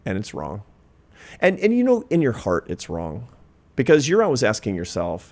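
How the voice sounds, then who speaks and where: A man's voice: medium pitch, huge pitch swings, moderate pace, a little mellow. A man in his fifties, a social scientist, telling a personal story in an interview, earnest and reflective, building to emphatic points. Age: 50s.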